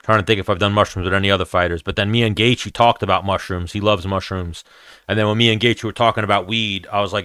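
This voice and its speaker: A man's voice: lowish voice, steady tone, fast, pushed and bright, clear, resonant tone, no room sound, studio quality. A man, hosting a casual MMA chat stream in a blunt, profane, rambling way. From New York, USA. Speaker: MMA show host answering chat.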